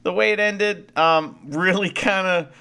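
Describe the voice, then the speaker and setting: A man's voice: high voice, measured pace, bright, forceful tone, smooth. A man co-hosting a podcast, rambling through casual wrestling chat and swearing freely. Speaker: podcast co-host.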